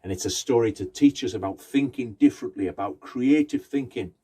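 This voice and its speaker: A man telling a folk tale aloud in a conversational way, pausing to ask his listeners questions. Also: mid-range voice, mellow, slightly rough. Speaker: storyteller. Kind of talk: oral folk-tale storytelling.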